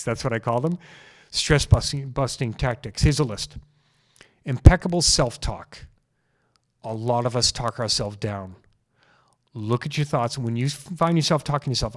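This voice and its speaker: A man hosting a solo health podcast, talking into a microphone in an earnest, casual way and repeating key phrases for emphasis. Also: medium pitch. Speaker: chiropractor podcast host.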